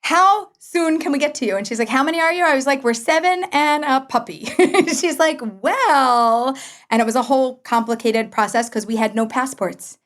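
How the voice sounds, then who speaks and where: A woman in her forties, a podcast guest, telling a personal story in a lively way, acting out the dialogue and laughing often. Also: sits high, moderate pace.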